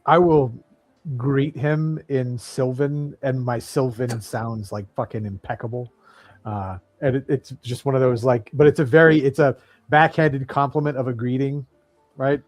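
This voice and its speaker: A male player talking casually and sarcastically at a tabletop game. He has a mid-pitched voice and sounds close and dry. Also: steady tone, measured pace, no echo, soft background music.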